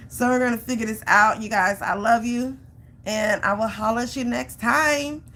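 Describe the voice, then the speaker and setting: A woman vlogger talking straight to her viewers and urging them past their fears. She tells her stories with lively, acted-out panic and repeats phrases for emphasis. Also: a little high, normal speed, slight background noise. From Georgia, US. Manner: animated storytelling, acts out her own panic. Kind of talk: motivational vlog talk.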